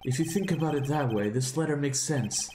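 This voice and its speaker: A man voicing a haunted young male prosecutor in a game, reading slowly and somberly. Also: fairly high pitch, darkish tone, a little hiss or hum, close to an everyday voice. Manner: slow, somber confessional reading. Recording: roomy, with game music behind.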